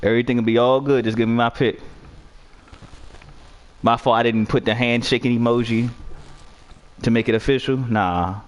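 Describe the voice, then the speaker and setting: A man's voice: mid-range voice, steady tone, moderate pace, pauses often, clear, resonant tone. Young male gamer, trash-talking, profane and argumentative, heated running commentary.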